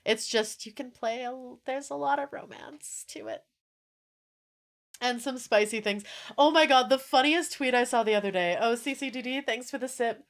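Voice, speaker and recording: A young woman streaming and chatting casually with her viewers, animated and swearing often, with frequent laughter. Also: fairly high pitch, moderate pace. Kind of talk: casual live-stream chat.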